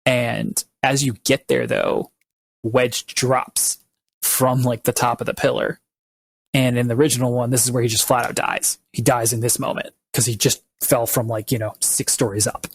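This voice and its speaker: A man's voice: medium pitch, level tone, normal speed, vocal fry, breathy edge. A man co-hosting a podcast, recapping at length in a loose, rambling way with lots of fillers. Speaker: podcast co-host. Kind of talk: casual podcast chat.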